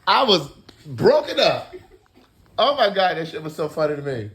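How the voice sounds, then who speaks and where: Lively, teasing man, fairly high. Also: normal speed. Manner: laughing, teasing. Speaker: vlog host. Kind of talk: casual chat.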